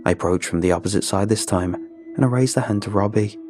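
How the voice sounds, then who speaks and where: A man giving a measured, grim first-person narration of a horror story. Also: on the low side. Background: background music.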